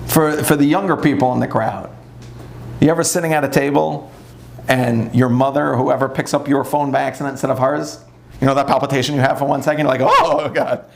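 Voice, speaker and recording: A man, a rabbi, giving an animated, conversational sermon to a live audience. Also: mid-range voice, fast talker, creaky, slight background noise. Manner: animated, conversational preaching with acted-out asides.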